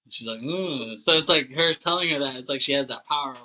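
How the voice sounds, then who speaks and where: This young man talks fast in a mid-range voice that's pushed and bright, captured on a rough recording. Co-hosting a podcast, he gives a loose, profanity-laced recap of a movie, laughing as he plays out characters' dialogue.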